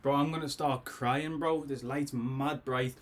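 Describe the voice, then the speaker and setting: A man with a Scouse accent hosting a casual album reaction from his bedroom, rambling, excitable and a bit tipsy, laughing often. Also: mid-range voice, unhurried, very noisy. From Liverpool, England. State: tipsy after drinks. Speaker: music reaction host. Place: bedroom at home.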